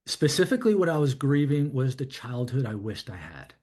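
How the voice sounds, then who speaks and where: This is a man in his fifties from New York, opening up as a podcast guest. He speaks at a middling pitch and wanders through his thoughts, leaning on "you know" and "I'm like" as he remembers. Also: sing-song, fairly quick, a little mellow. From New York, USA. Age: 50s. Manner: rambling and reflective, full of "you know" and "I'm like". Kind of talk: candid personal storytelling in conversation.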